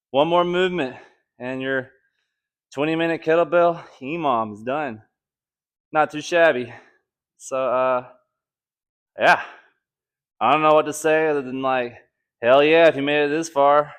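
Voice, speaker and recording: A man's voice: on the high side, clear, resonant tone. Winded, laid-back young man coaching a workout. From Alabama. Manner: laid-back, joking, counting reps between sets. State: out of breath. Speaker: fitness vlogger. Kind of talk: casual workout follow-along chat.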